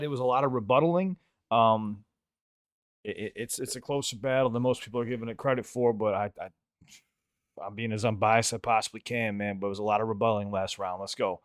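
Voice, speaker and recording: A man's voice: lowish voice, clean tone, no echo, clean studio sound. A man hosting a reaction video, talking loosely with rambling restarts. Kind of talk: casual reaction commentary.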